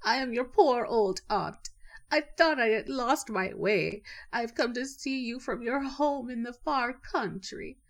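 A woman's voice: a little high, unhurried, pitched above the performer's own voice. A woman voicing a crafty, boastful male rabbit trickster in a storybook reading, scheming and proud. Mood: quavering disguise.

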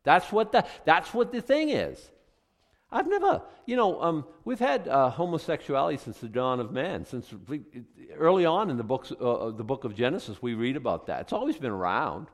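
A male pastor preaches in an animated, conversational way, firing off rhetorical questions. His pitch rises and falls widely as he talks. The voice carries a long reverb from a large church hall. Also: normal speed. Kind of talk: conversational sermon.

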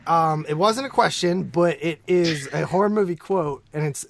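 A man's voice: a little high, normal speed, creaky, a little hiss or hum. A man teasing his friends during a casual horror movie quiz. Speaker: quiz player. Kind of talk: casual game chat.

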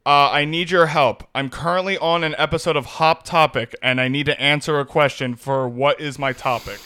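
A young man co-hosting a podcast in loose casual chat. He rambles, trips over his words and laughs a lot, with a bright, forward tone that sits a little high. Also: fairly even intonation, normal speed, smooth. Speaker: podcast co-host.

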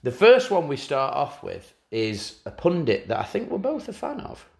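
Lively man chatting football. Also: on the high side, normal speed, creaky, roomy sound. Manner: lively storyteller, slips into impressions of people. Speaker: podcast co-host. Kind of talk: casual football chat.

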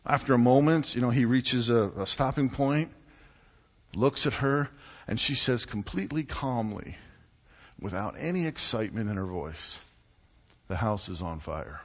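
A man preaching a sermon as pastor, telling stories and acting out quotes with animated delivery. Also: medium pitch, moderate pace. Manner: animated storytelling with acted-out quotes. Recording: muffled sound in a reverberant hall.

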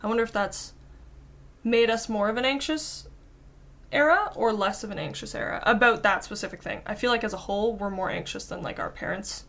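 A woman's voice: mid-range voice, a little fast, vocal fry, a bit bright. A young woman in casual podcast chat, rambling with lots of fillers and casual swearing. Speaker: podcast guest.

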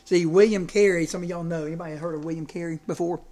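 Animated preacher, high voice. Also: male voice, fast talker. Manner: conversational, animated, self-deprecating asides. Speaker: pastor. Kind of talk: sermon.

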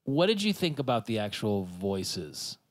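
A man's voice: lowish voice, big pitch swings, a little slow. A man hosting a podcast, steering the casual discussion in an upbeat, talkative way. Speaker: podcast host. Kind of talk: casual chat.

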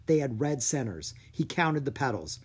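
A narrator reading a children's audiobook with expressive storytelling. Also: mid-range voice, moderate pace, breathy edge.

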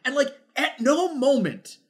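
A man's voice: extremely high pitch, big pitch swings, a little slow. A man reviewing a film on a podcast in casual chat, rambling with lots of "like", swearing and acting out quotes. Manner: rambling, full of "like", swears often, acts out quotes.

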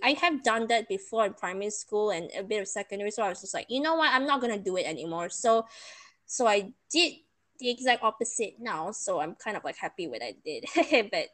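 A woman's voice: mid-range voice, fairly bright tone. A young woman, chatting casually and emotionally retelling a bad experience. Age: young adult. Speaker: storyteller. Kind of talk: casual chat.

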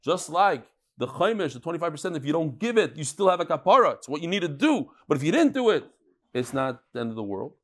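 A man with a somewhat high voice leads a daily Talmud class. He talks in an animated, joking way, with pitch that swings widely, and he weaves Hebrew and Yiddish terms into English as he tells stories. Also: quick pace. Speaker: Talmud teacher.

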